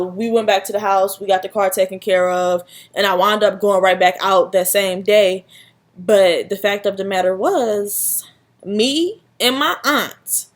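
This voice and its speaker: A young woman vlogger telling a personal story in a casual, animated, dramatic way, full of slang. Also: mid-range voice.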